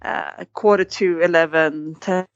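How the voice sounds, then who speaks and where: A woman's voice: on the low side, unhurried, vocal fry, clean tone, no room sound. A woman guest in an interview, telling a story with animation and acting out quoted lines. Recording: dull, dry sound.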